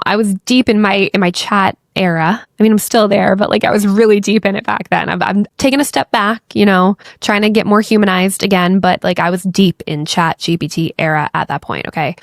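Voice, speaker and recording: A woman's voice: medium pitch, gravelly, dry recording, studio quality. A young woman hosting a podcast, telling a story in a loose, chatty way full of fillers and the odd swear word. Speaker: podcast host. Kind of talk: casual storytelling chat.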